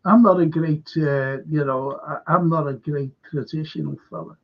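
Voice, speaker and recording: A man's voice: a little high, steady tone, normal speed, lo-fi sound. A man with a Scouse accent from Liverpool, hosting a livestream in a blunt, rambling monologue full of restarts and swearing. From Liverpool, England. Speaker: livestream host.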